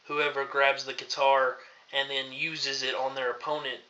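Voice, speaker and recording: A man from Tennessee hosting a casual review vlog, rambling with many pauses and restarts. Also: mid-range voice, level tone, bright, forceful tone. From Tennessee, USA. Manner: rambling, lots of ums and restarts. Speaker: host. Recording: dull lo-fi recording.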